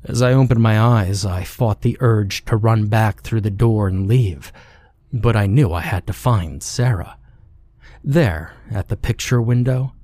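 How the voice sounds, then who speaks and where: A man narrating a scripted horror story in a measured, hushed way. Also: fairly low pitch, no echo, clean studio sound.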